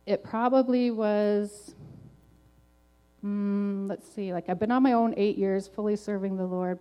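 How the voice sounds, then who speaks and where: A woman's voice: mid-range voice, mellow. A middle-aged woman telling her personal faith testimony in an earnest, conversational way, often saying "like" and "um". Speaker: testimony speaker.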